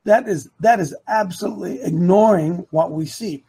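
A man's voice: high-pitched, normal speed, gravelly, dark tone, slightly rough. A man hosting a live opinion talk show, rambling and repeating himself for emphasis while talking to his producer and the chat.

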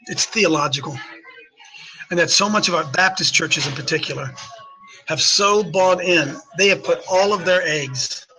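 A man hosting an opinionated talk show, speaking in a slightly raised register with a bright, forceful edge. He hammers his points by repeating them and throws rhetorical questions at his audience. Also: on the high side, low-quality recording. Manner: emphatic, repeats phrases, fires rhetorical questions. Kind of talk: opinionated talk radio commentary.

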